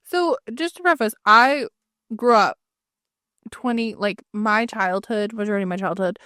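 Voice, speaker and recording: A young adult woman co-hosting a podcast in casual chat, talking in quick bursts with lots of fillers. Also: mid-range voice, pushed and bright, smooth, dry recording, clean studio sound. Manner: chatty, many fillers, quick asides. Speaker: podcast co-host.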